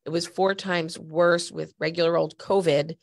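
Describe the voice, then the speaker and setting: A woman's voice: lowish voice, fairly even intonation, normal speed, vocal fry, no echo. A woman hosting a podcast, a little stuffy from a cold, chatting and telling stories straight to listeners. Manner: chatty storyteller, direct appeals to listeners. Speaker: podcast host. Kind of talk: conversational podcast talk.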